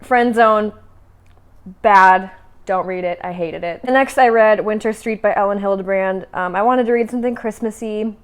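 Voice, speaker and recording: A woman's voice: medium pitch, normal speed, clear, resonant tone. A young woman casually chatting about books she has read, with many fillers and restarts. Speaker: book vlogger. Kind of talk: casual chat.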